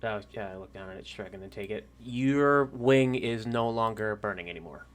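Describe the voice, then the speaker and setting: A man's voice: lowish voice, normal speed. A man narrating a tabletop game as game master, casual and rambling, with fillers and the odd swear.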